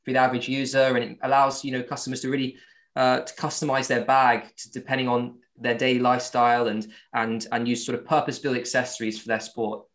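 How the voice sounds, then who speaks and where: A man's voice: mid-range voice, little pitch movement, fast, a bit bright. Hesitant man with a Southern English accent. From born in Virginia, raised with English accent. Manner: hesitant, many fillers and restarts. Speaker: company founder, guest. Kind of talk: casual interview answers.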